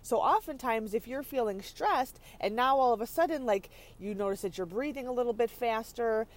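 A woman podcast host giving an energetic, chatty motivational teaching talk from her parked car. She laughs often and keeps checking in with her listeners. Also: a little high, moderate pace. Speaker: podcast host and leadership coach. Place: parked car on a rainy day.

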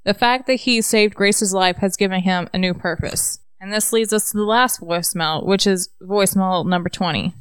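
A woman co-hosting a book podcast, summarizing chapters with dry, deadpan jokes. Her voice is smooth and clear, recorded close with a dry sound. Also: medium pitch, moderate pace, few pauses, dry recording. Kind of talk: casual chat summarizing a novel.

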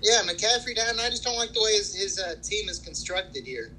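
A man talks shop about his fantasy league, stumbling over restarts while bragging about his record. His tone is very bright and forward, pitched a little high. Faint ambience sits behind him. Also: big pitch swings, a little hiss or hum, rough recording. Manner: halting, many restarts, boastful. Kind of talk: casual banter about fantasy sports.

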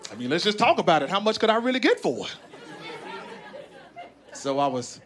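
On stage before a laughing audience at a big live comedy venue, a Southern-accented comedian from Arkansas, USA, talks fairly quickly through a profane, animated set. He slips into voiced characters with big pitch swings, while crowd laughter and noise fill the recording.

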